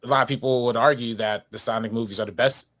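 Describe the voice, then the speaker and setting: A man's voice: medium pitch, quick pace. Laid-back slangy man in a podcast chat. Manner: relaxed, slangy, lots of "you know what I'm saying". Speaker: guest. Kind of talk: casual movie podcast chat.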